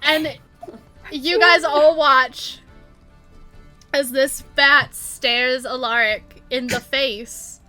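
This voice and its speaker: A woman running a tabletop game, playful and quick to laugh. Her voice is high and bright, and she narrates at an unhurried pace. Faint music plays behind her. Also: fairly even intonation. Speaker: game master.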